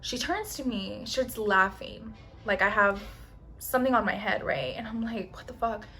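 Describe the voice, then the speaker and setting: A young woman chatting casually while doing her makeup, telling a long story in an animated, slangy way, swearing often and acting out other people's lines. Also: mid-range voice, moderate pace, faint music behind. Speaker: beauty vlogger. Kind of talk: get-ready-with-me storytime.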